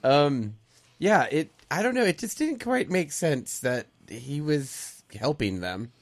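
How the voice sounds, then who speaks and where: A man's voice: fairly high pitch, very animated, slow. A man co-hosting a movie podcast, giving his opinion hesitantly with many ums and trailing phrases. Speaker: podcast co-host. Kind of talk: casual chat.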